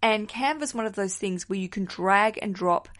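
A woman's voice: medium pitch, normal speed, fairly bright tone. A young woman hosting a wedding podcast, chatting casually and enthusiastically, with the odd swear word thrown in.

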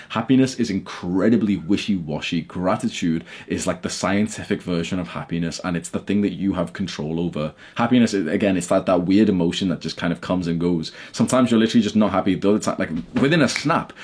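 A man's voice: low-pitched, a little mellow, slightly rough. A young man talking to camera from his bedroom, blunt and heated, swearing often as he rants. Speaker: YouTuber. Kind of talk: casual talk to camera.

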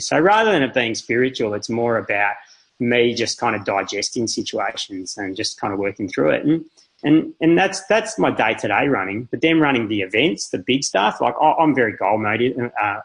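A husky-voiced man in his thirties, chatting as a podcast guest. He rambles through his stories with plenty of "um"s and restarts, poking fun at himself. His pitch sits in an ordinary middle range. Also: lively intonation, moderate pace, low-quality recording. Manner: rambling, self-deprecating, frequent fillers and restarts. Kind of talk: casual interview storytelling.

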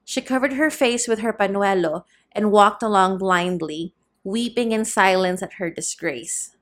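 A woman reading a novel aloud as audiobook narrator, in a steady, measured storytelling voice. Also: medium pitch.

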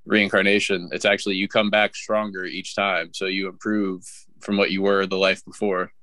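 A man's voice: sits low, flat delivery, normal speed, bright, forceful tone, no echo. A young man co-hosting a podcast in casual chat, laid-back, saying "bro" and explaining things with restarts. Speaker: podcast co-host.

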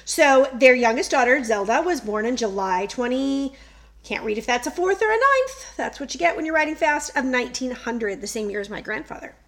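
Middle-aged woman, podcast co-host, chatty storyteller, slightly high voice. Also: very animated, brisk, a bit bright. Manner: chatty, storytelling, laughs often. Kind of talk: casual chat.

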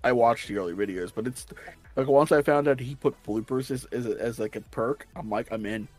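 A man's voice: medium pitch, a little fast, a little mellow, no room sound. A man with a slight Southern US accent, chatting casually on a stream and rambling, with restarts and casual swearing. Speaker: stream guest. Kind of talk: casual chat.

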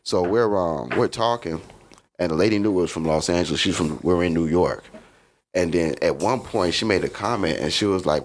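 A man's voice: deep voice, fairly quick. A man from Chicago, a comedian guest in a podcast studio, telling a rambling, profane story in a casual way and often asking "you know what I mean".

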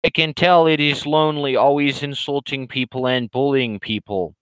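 A man voicing a condescending male online troll, raised in pitch, slow and sanctimonious. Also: fairly even intonation, fairly bright tone, clean tone, no echo, close to an everyday voice, poor audio. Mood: smug lecturing.

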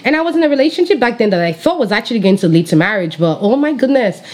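A bubbly woman pastor in her thirties tells her personal testimony with a Nigerian accent that carries some British influence. Her voice rises and falls in a wide, animated melody. She laughs often and speaks straight to her viewers. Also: a little high, rapid-fire. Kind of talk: personal faith testimony, casual storytelling.

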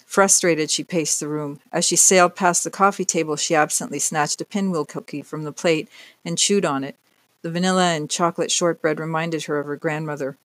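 An audiobook narrator reading a novel in an even, clear storytelling manner. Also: medium pitch, brisk, no echo. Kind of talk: scripted narration.

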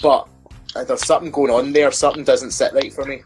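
A man's voice: medium pitch, steady tone, a little fast, a little mellow, faint music behind, low-quality recording. A man co-hosting a podcast, giving wry, opinionated takes in casual chat. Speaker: podcast co-host.

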